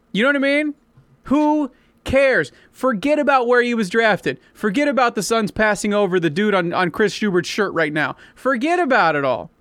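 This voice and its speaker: A man's voice: sits high, a bit bright, no echo. A man co-hosting a sports talk show, making blunt, insistent points with casual swearing. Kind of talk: sports radio debate.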